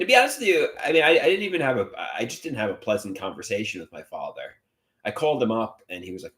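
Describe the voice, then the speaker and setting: The livestream host here has a medium-pitched, slightly bright voice with big pitch swings and a quick pace. It's a casual, rambling stream where he repeats himself and welcomes viewers by name as he reads their comments.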